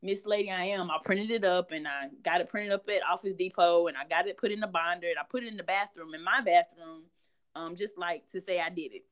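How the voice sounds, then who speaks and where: A woman's voice: lowish voice, fairly quick, fairly bright tone. A woman guest author talking candidly in an interview, chatty and frank, with many fillers.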